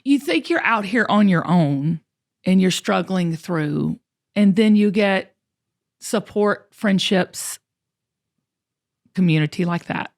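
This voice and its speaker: A woman hosts a podcast in a casual, heartfelt chat. She speaks earnestly and encouragingly, often doubling up words when she pushes a point. Her pitch sits in a middle range. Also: lively intonation, slow pace, long pauses. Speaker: podcast host.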